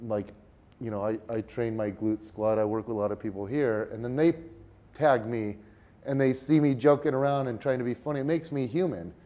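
A man who is a fitness entrepreneur, a guest on a podcast interview, telling stories in a lively way and often restarting his words. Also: medium pitch, fairly quick. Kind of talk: casual interview storytelling.

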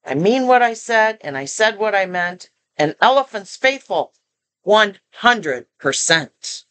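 An older woman reading a picture book aloud, voicing a kind and faithful male elephant who speaks in a steady, solemn way. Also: medium pitch, slow. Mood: steadfast.

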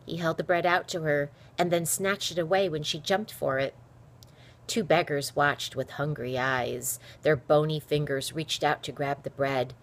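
A woman reading a children's novel aloud with expressive storytelling. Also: low-pitched, measured pace. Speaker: reader.

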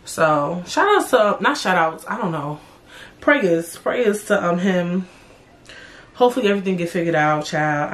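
A young woman hosting her own podcast, ranting in a blunt, profane, animated way about music and celebrities. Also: on the high side, measured pace. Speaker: podcast host. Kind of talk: casual solo podcast rant.

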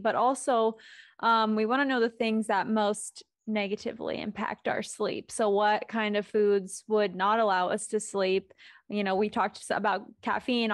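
A woman's voice: medium pitch, no room sound. A woman podcast host asks her guest questions in a loose, conversational way. She scatters her speech with "um" and "like". Her voice sits in a middle register and is recorded dry and close. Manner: casual, filler-heavy, relaxed questioning. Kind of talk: casual podcast interview.

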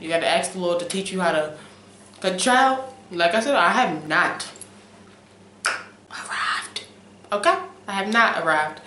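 A young woman talks straight to her camera at home late at night in a casual, preachy vlog. She punches some points loudly and lets others trail off softly, often checking in with "okay?". The room sounds echoey, with a faint hiss underneath. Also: deep voice. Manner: wavers between loud emphasis and soft trailing asides. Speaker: vlogger. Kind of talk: casual talk-to-camera chat.

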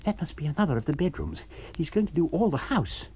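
A jittery scientist, pitched well above his usual register, husky and lively. His lines come tight and uneasy, as a male reader puts him on. The audiobook reading keeps him a touch breathless. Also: fast, exaggerated voice. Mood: tense.

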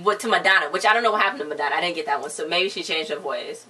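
Woman rattling off a tv recap super fast, chatty and rambling, mic kinda far away. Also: on the low side, bright, forceful tone, husky. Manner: rapid, rambling retelling full of "so then she was like". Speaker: show co-host. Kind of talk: casual TV episode recap chat.

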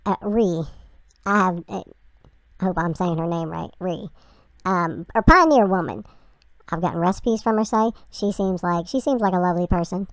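A woman's voice: on the low side, normal speed, no room sound. A woman hosting a reaction video, chatting bluntly and rambling through asides. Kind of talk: casual reaction commentary.

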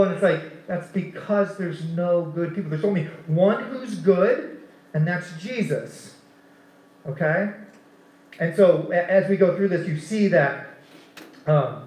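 High-voiced male preacher, echoey room. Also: darkish tone. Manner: conversational preaching, fillers like "man". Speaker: pastor. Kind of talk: sermon. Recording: roomy echo.

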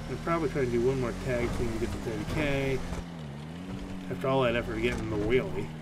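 A man's voice: medium pitch, fast, very noisy. A man giving casual, playful let's-play commentary, goofing around with silly sound effects. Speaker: gaming channel host.

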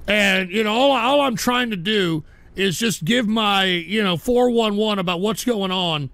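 A talk radio host with a high, gravelly, bright and edgy voice goes on a full-blown rant during a live radio stream. He curses, stammers and swings between muttered grumbling and furious shouting at trolls, speaking a little slowly. The mic sound is dry and close, with no echo.

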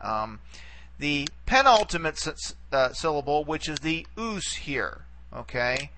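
A man gives a recorded lecture in a bright, slightly raised voice. He is patient, repeats key words and checks in with the listener after nearly every point. He is close to the mic, like a teacher recording at his desk. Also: on the high side, very animated, unhurried, slight background noise. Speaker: Greek language teacher.

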